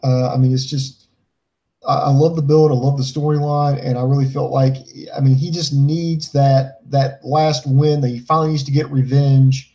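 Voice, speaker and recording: A man co-hosting a casual podcast, talking things through in a calm, measured way. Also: medium pitch, lo-fi sound. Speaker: podcast co-host.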